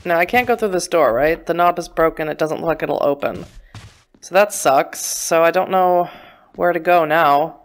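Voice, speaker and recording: This let's play gamer speaks low and at a moderate pace. Her commentary is loose and chatty, full of self-mockery and remarks aimed straight at the game character.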